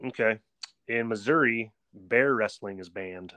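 A man with a fairly low voice reads out odd facts on a casual podcast. His delivery is laid-back and matter-of-fact. The mic is close and dry. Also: measured pace, sharp tone, no room sound. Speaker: podcast co-host. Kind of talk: casual chat, reading out facts.

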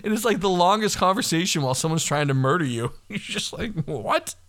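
A man co-hosting a podcast, retelling movie scenes in casual, profane chat, laughing often and slipping into quick impressions of the characters. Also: sits high, animated, fairly bright tone. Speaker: podcast co-host.

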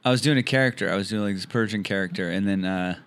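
A man's voice: fairly low pitch, fast, a bit bright, clean tone. A man from Orange County, California, a comedian telling a loose, profane story in casual podcast chat. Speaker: comedian guest.

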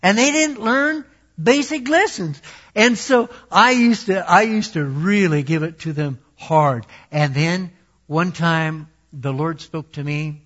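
A man's voice: on the high side, slow, fairly bright tone. A man preaching a sermon in a conversational, self-deprecating way, with laughing asides. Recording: dull lo-fi recording.

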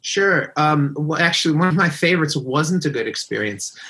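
A man's voice: fairly high pitch, normal speed, rough recording. A man in his forties, a musician guest, telling road stories in a casual interview and acting out the people he quotes. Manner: animated, acts out quotes in raised voices.

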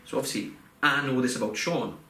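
A young man with a sharp, mid-range voice talks fairly quickly, telling a personal story on a casual podcast. He rambles warmly, restarting often and filling gaps with fillers, while a roomy echo and faint background noise color the recording.

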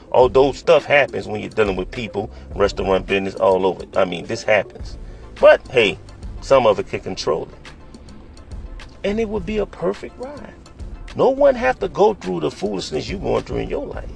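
A man's voice: mid-range voice, sing-song, normal speed, creaky, faint music behind. A man, a rideshare driver, lecturing passengers straight to camera and often asking if they understand. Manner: lecturing, scolding, keeps asking "you understand?". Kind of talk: direct-to-camera advice monologue.

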